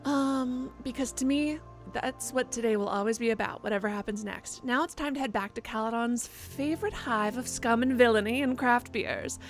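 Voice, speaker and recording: A woman's voice: a little high, moderate pace, soft background music. A woman streamer chatting and joking casually while playing a video game. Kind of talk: casual let's play commentary.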